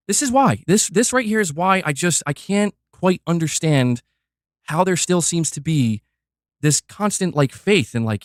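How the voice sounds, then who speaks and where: A man's voice: sits high, no room sound, studio quality. A man ranting as a gaming commentator, reacting to a video in a fiery, exasperated, profane way. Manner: fiery, exasperated, profane, talks fast in bursts. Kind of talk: heated reaction rant.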